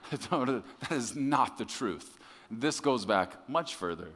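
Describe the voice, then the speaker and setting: A male pastor preaching a sermon in a conversational way, with restarts, swinging from quiet confiding passages to loud emphatic ones. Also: mid-range voice, lively intonation, slow, big-room sound.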